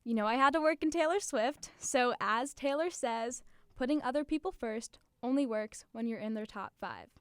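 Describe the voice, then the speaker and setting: A teenage girl hosting a podcast in a chatty, confiding, upbeat way. Her voice sits a little high and sounds smooth and clear, recorded dry with no room sound. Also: moderate pace, no room sound. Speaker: podcast host. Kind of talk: scripted podcast monologue.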